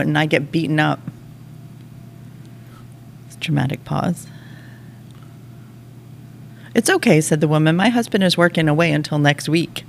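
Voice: medium pitch, gravelly, a little hiss or hum. A speaker in casual chat, reading a long joke aloud and voicing its characters.

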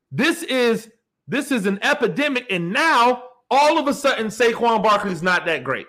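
A man on his own sports podcast delivers a heated rant, circling back on his points and repeating phrases. His voice sits high and sounds bright and forceful. He pushes hard through each argument. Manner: heated, repetitive, ranting. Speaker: podcast host. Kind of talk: solo sports commentary rant.

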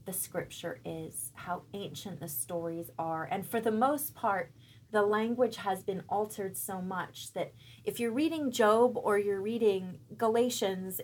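A woman in her thirties, a church member talking about her faith in a thoughtful, searching way, pausing often to find her words. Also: medium pitch, a little hiss or hum. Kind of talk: reflective faith conversation.

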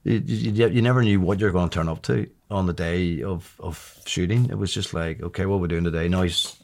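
A man's voice: low voice, steady tone, a little fast, gravelly, a little mellow. A man in his sixties telling a long anecdote in a chatty way, laughing and often restarting his sentences. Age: 60s. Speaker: interview guest. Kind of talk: casual storytelling.

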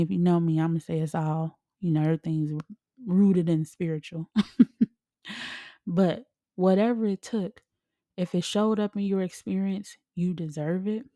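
A woman hosting a podcast as a medium, giving casual motivational talk in a relaxed, chatty way with loose colloquial phrasing. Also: lowish voice, vocal fry, no echo.

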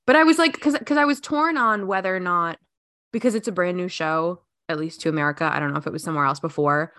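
A woman's voice: lowish voice, quick pace, fairly bright tone, dry recording, studio quality. A young woman co-hosting a casual podcast, musing aloud in a chatty way with lots of "like"s. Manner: chatty, muses aloud with many "like"s. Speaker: podcast co-host. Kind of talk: casual chat.

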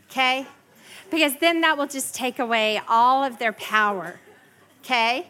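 Woman in her forties, workshop speaker, bright and a bit high, animated teaching style. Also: moderate pace, pauses often. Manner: animated, acts out kids' whiny voices. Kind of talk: live parenting workshop talk. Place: workshop room with a live audience.

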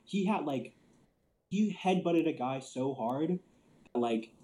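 Laid-back swearing guy, mellow voice. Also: a little high, animated, takes it slowly, poor audio. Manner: loose storyteller, swears a lot, laughs often, many "like" fillers. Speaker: podcast co-host. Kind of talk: casual chat.

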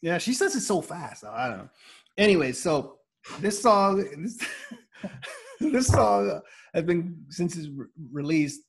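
A man's voice: on the high side, big pitch swings, a little slow, vocal fry, husky. A man hosting a podcast in laid-back casual chat, filling his talk with "like" and "you know" and laughing often. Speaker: podcast host.

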